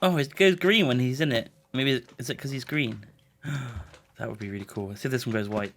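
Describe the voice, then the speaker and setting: A man's voice: medium pitch, brisk, fairly bright tone. A man co-hosting a gaming let's play, chatting in an easygoing, matter-of-fact way and laughing often. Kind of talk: casual chat over gameplay. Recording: background music under voice.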